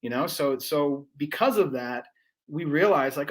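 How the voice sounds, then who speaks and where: Podcast guest, male, higher-pitched, loose and profane, rambling delivery with lots of restarts. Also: lively intonation, moderate pace. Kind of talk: casual conversational storytelling.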